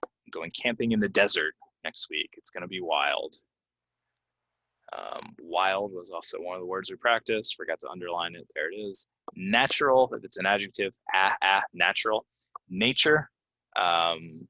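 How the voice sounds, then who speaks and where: A man teaching English pronunciation, reading example sentences and then repeating key words slowly with clear stress. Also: sits low, sharp tone, no room sound. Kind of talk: pronunciation lesson. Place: Orlando, Florida.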